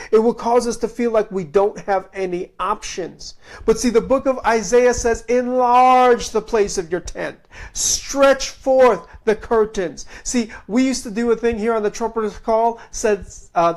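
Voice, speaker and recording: A male preacher delivering a sermon, telling stories with animated swings between loud and hushed, and reading scripture in slow, drawn-out phrases. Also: sits high.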